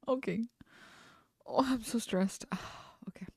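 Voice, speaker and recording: A woman's voice: on the high side, takes it slowly, warm tone, breathy edge, no room sound, studio quality. A woman streamer chatting casually as she reacts to a video, rambling with many fillers and nervous laughs.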